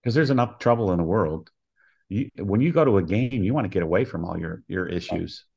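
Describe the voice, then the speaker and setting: An older coach with a very low voice tells stories in an interview. He is earnest and lively, and he acts out the voices of the people he quotes. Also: brisk, gravelly, slightly rough, muffled recording. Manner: earnest storyteller who acts out quoted dialogue. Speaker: college softball head coach, guest. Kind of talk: storytelling interview.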